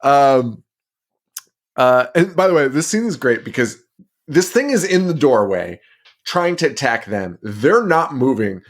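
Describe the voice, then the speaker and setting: A man's voice: mid-range voice, very animated, measured pace. Profane, laughing podcast man. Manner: profane, laughing, recounts plot with put-on quotes. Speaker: podcast co-host. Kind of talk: casual movie recap chat.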